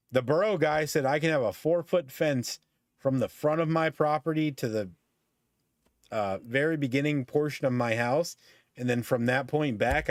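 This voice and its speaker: A man's voice: medium pitch, no room sound. Profane, ranting man with a dry sound. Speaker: podcast host. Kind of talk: casual chat.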